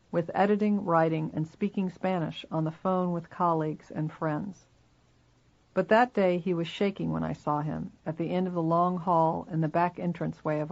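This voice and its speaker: Gravelly memoir narrator, lo-fi. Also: mid-range voice. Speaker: reader. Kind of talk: first-person memoir audiobook narration.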